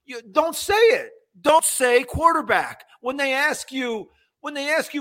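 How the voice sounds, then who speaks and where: A man co-hosting a casual sports talk show, ranting in an animated way and mocking what others said. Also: extremely high pitch, measured pace. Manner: animated, ranting, mocks quotes.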